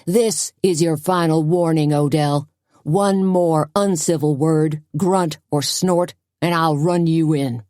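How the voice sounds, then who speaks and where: Brief: female narrator as a gruff male sheriff, commanding and stern, low dark tone. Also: takes it slowly, no room sound, clean studio sound. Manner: stern, commanding, calm warnings. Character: gruff middle-aged male small-town sheriff.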